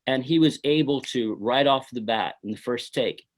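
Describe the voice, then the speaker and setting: Here a middle-aged man who makes films is being interviewed and recounts what happened on his shoot. His mid-range voice moves at a normal speed, and the casual storytelling wanders, peppered with "uh" and "you know."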